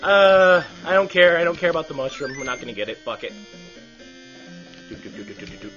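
A man recording gameplay commentary, rambling in quiet asides and then shouting excited, swearing hype lines. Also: on the high side, a little fast, lo-fi sound, music in the background. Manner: loud, excitable, swears often; mumbled asides between bursts.

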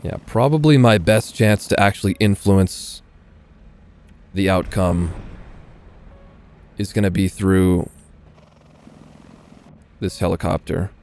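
Low-voiced man muttering gameplay commentary. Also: takes it slowly, pauses often, darkish tone. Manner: muttering, swearing asides to viewers. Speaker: gaming video creator.

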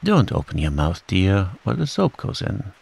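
A man's voice: low-pitched, huge pitch swings, moderate pace, gravelly, darkish tone, breathy edge, heavily acted, rough recording. A man reading a storybook aloud and voicing a cheerful, firm motherly kangaroo who speaks soothingly, with rain falling behind him.

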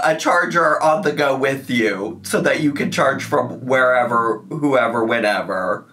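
A man's voice: mid-range voice, measured pace, hardly any pauses, bright, forceful tone. A man hosting a reaction commentary, teasing and sarcastic, often laughing at what he watches. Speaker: commentary host.

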